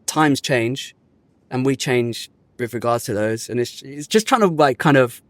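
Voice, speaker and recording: A man's voice: mid-range voice, a little slow, dry recording. A man from the UK, a podcast guest who tells his story casually and acts out the people he quotes. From United Kingdom. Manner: lively storyteller, acts out quoted people, uses London slang.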